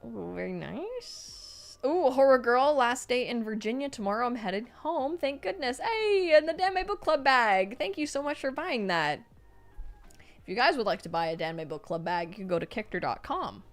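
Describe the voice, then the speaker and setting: A woman streamer reading viewer messages aloud on a live stream, reacting with excitable, gushing praise and casual swearing. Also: on the high side, moderate pace, soft background music.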